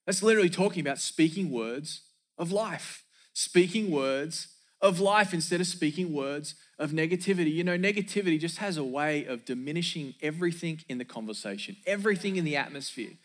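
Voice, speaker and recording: Pastor guy preaching, kinda high voice, hits his points hard and says them twice, jokes a bit. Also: animated, fairly quick. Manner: emphatic, repeats key lines for effect. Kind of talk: sermon.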